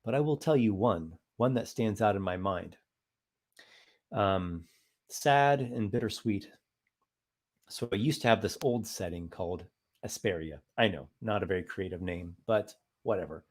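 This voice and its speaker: A man with a fairly low voice hosts a casual live stream. He chats in a rambling, thoughtful way, pausing often with "um" and "uh" as he answers viewer comments. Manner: rambling, thoughtful, many fillers.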